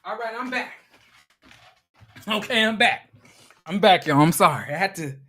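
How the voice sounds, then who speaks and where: High-voiced, animated profane recap host. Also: male voice, moderate pace. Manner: animated, profane, stammering restarts. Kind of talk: casual profane recap commentary.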